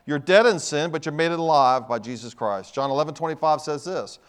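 A middle-aged man preaching a sermon, swinging from quiet asides to loud bursts, with frequent restarts. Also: on the high side, fairly quick, clear, resonant tone. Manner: dynamic, swings from soft to loud, many restarts.

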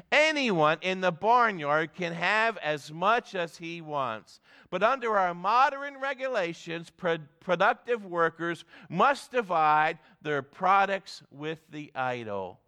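A man voicing a stern male government agent in a storybook parable, lecturing slowly. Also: sits high, very animated, bright, forceful tone, clean tone, full character voice.

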